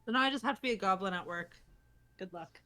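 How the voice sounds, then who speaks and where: A woman's voice: mid-range voice, quick pace, pushed and bright. A woman playing a tabletop game with friends, chatting casually in an easygoing way. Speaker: player. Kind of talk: casual chat among friends.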